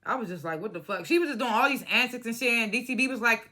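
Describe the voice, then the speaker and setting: Young woman, bright and forceful voice, casual profane TV recap, blunt opinions. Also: a little high, fast talker, few pauses. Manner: blunt, profane and opinionated, mimics cast members. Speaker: reality TV recap vlogger. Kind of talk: casual reality show review.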